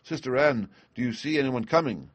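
A man's voice: mid-range voice, lively intonation, a little fast, slightly rough, no echo, pitched above the performer's own voice. A man doing a desperate pleading young wife.

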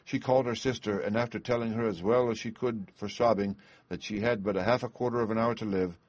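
A man narrating a fairy tale aloud in a measured storytelling manner. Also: on the low side, fairly even intonation, no echo.

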